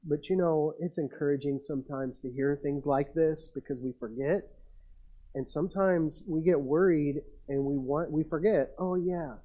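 A man's voice: fairly high pitch, mellow, muffled recording. A man preaching a sermon as pastor, talking casually with the congregation and reading scripture aloud.

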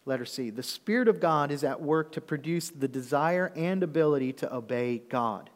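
A pastor with a high-ish, animated voice preaches a sermon at normal speed, speaking conversationally. He checks in with the congregation often with "okay?", and a long hall reverb surrounds him.

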